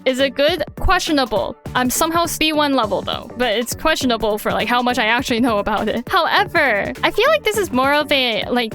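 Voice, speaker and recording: A woman introducing herself to viewers in a casual, rambling way, giggling and correcting herself as she goes. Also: high voice. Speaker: VTuber debuting her channel. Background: soft background music.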